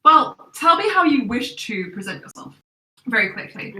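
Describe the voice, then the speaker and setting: A woman's voice: a little high, normal speed, distant mic. Game master woman in a roomy room. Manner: relaxed, chatty narration with fillers. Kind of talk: narrating a tabletop game.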